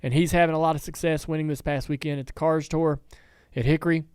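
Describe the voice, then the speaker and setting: A man's voice: fairly high pitch, fairly even intonation, quick pace, a little mellow, clear, resonant tone, no room sound. A man hosting a casual studio talk show, telling rambling stories with many restarts. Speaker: podcast host and team owner. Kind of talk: casual chat.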